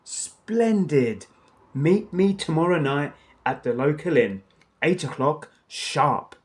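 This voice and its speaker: A man's voice: a little high, expressive, slow pace. A man voicing a haughty, imperious middle-aged villainess who barks and scolds, in a storybook reading.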